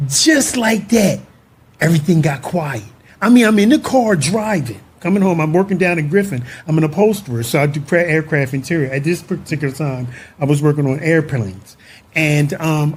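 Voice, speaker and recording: A man in his fifties, a guest telling an earnest, expressive personal story. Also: fairly high pitch, normal speed, slightly rough. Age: 50s. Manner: expressive, earnest, breaks into laughter while recounting. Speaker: guest, husband.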